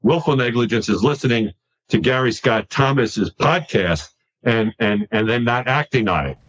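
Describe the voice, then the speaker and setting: In a casual podcast conversation, a New York man talks in a medium-pitched voice, animated and quick to repeat himself when he gets excited. The sound is lo-fi.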